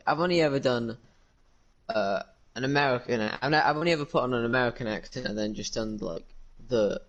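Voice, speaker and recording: A young man on a casual podcast, laid-back and hesitant with fillers. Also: mid-range voice. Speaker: podcast guest, roleplayer. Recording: dull lo-fi mic.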